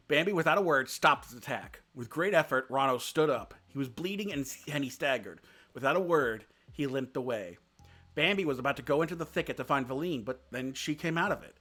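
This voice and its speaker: A man's voice: mid-range voice, animated, a little fast, sharp tone. A man reading a classic children's story aloud on a live stream, narrating expressively. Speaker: VTuber reader.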